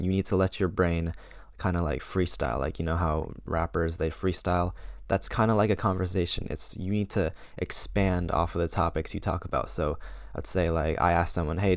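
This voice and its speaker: A man's voice: low-pitched, darkish tone, no room sound, clean studio sound. A young man around eighteen giving casual social advice to camera, chatty and full of fillers, acting out sample lines.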